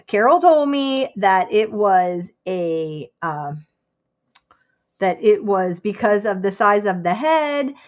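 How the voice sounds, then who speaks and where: A woman chatting casually on a home livestream, excitable and quick to exclaim. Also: medium pitch, muffled recording. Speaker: crafting livestreamer.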